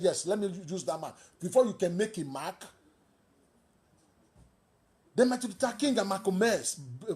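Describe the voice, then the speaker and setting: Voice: mid-range voice, darkish tone. A speaker with a Nigerian accent giving fiery political commentary as a talk show host, asking rhetorical questions and repeating phrases for emphasis.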